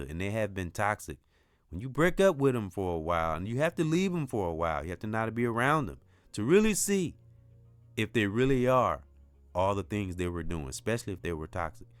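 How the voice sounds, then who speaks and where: A man's voice: fairly low pitch, very animated, a little fast, dry recording, faint music behind. A middle-aged man hosting a podcast, giving an earnest, rambling motivational monologue that keeps returning to "you know" and "brothers and sisters". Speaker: podcast host. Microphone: off-mic at the start.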